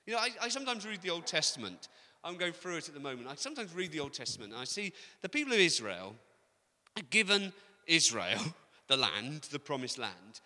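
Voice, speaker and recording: A man preaching a sermon, telling the story with lively, acted-out voices for the characters. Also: fairly high pitch, fairly quick. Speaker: pastor. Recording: long reverb of a large hall.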